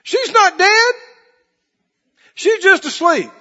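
A man's voice: very high voice, lively intonation, takes it slowly, bright, forceful tone, voice pushed up, exaggerated voice. A man preacher voicing a fervent, commanding male healer who gives emphatic, ringing orders. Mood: urgent. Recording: reverberant hall, dull lo-fi sound.

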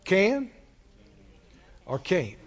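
Male preacher, high-pitched and animated, emphatic call-and-response, church hall reverb. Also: very slow. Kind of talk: sermon. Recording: long hall reverb, dull lo-fi sound.

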